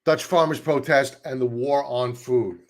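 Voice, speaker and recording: A man's voice: medium pitch, steady tone, a little slow. A man hosting a live stock-chart stream, talking in a chatty, sarcastic way with many asides. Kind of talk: casual live-stream commentary.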